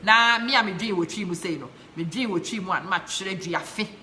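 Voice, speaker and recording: A woman's voice: mid-range voice, brisk, sharp tone, a little hiss or hum. A woman from Ghana with a Ghanaian accent, passionately hosting a live stream, chatting and reading out viewer comments while mixing English and Twi. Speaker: live show host.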